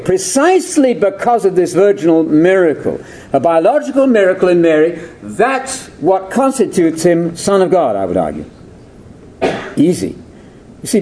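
A man's voice: high voice, mellow, slight background noise. An older man giving a theological lecture, digressive and full of rhetorical questions.

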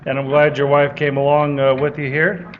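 A man's voice: a little high, monotone, moderate pace. A man hosting a church seminar, introducing the next speaker in a teasing, chatty way. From northern United States. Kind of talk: folksy joking introduction. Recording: dull lo-fi audio with faint hiss.

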